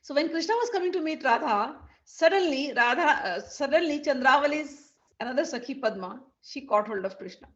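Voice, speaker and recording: A woman telling a devotional story, lively, acting out each character's lines. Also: high-pitched, fairly quick, few pauses, muffled recording. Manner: animated, acts out the characters' lines.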